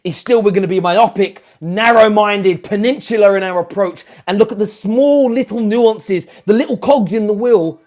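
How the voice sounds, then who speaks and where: A man with a British accent hosting a football fan channel, ranting live after a match, swinging from shouting to muttering and repeating himself in exasperation. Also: sits high, moderate pace, hardly any pauses. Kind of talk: live-stream post-match rant.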